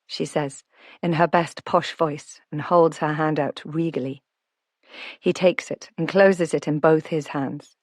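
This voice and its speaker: A woman narrating a novel in first person, reading in a calm, reflective way. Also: deep voice, normal speed, no room sound, clean studio sound. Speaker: audiobook narrator.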